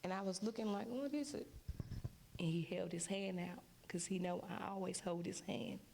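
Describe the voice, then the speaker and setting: A woman's voice: fairly low pitch, little pitch movement, a little fast, vocal fry, a little mellow, a little hiss or hum. A mother giving an emotional testimony at a church service, acting out what others said to her. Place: church sanctuary.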